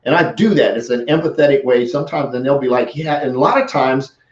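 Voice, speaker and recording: A man's voice: mid-range voice, fairly quick. A middle-aged man giving casual sales coaching, speaking conversationally and acting out sample replies. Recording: roomy, slightly dull audio.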